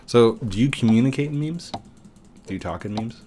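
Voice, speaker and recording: A gaming channel host records from his home setup at a desk microphone, bantering playfully with his son as they game. His voice is medium-pitched, mellow and animated, and he talks fairly quickly over a little hiss or hum.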